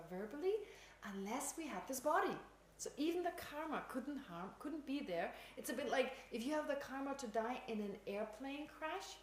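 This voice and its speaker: A woman's voice: high-pitched, slight background noise. A woman teaching Buddhism in an informal dharma talk, chatty, laughing often and poking fun at herself. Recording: echoey room, faint ambience.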